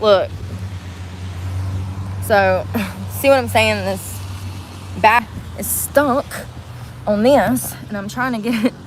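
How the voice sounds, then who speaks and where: A woman's voice: mid-range voice, slow, long pauses, a little hiss or hum, poor audio. A woman chatting on a livestream around a car, rambling, giggling and cursing, breathless from effort. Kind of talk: casual livestream chat.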